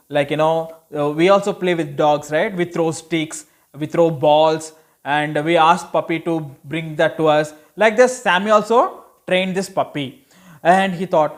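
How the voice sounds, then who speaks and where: A man telling a story to children as a Sunday school teacher, chatty and full of "you know" asides. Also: a little high.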